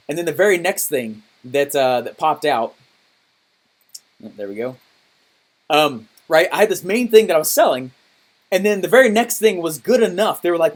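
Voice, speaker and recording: Animated male business coach telling stories. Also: fairly high pitch. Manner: animated, acts out his own past reactions; checks in often with "okay?" and "right?". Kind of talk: coaching call storytelling.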